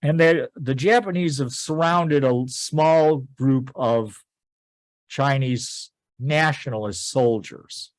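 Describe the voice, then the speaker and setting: A man teaching a history class, telling events as a lively story and quoting people in a casual voice. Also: medium pitch, takes it slowly, dry recording. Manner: animated storytelling, quoting figures in plain conversational voice. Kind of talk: informal history lecture.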